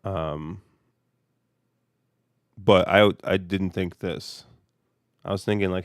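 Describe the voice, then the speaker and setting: A man's voice: low voice, fairly even intonation, slow, pauses often, no echo, clean studio sound. A man with a stuffy, congested voice, hosting a casual podcast chat and rambling with lots of fillers. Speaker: podcast host. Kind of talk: casual horse racing chat.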